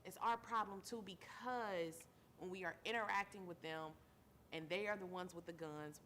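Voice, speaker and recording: A woman's voice: fairly low pitch, moderate pace, fairly bright tone, slight background noise. Tired woman host speaking earnestly. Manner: earnest, repeats phrases for emphasis, calls listeners baby. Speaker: show host; mother. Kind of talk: heartfelt talk-show monologue.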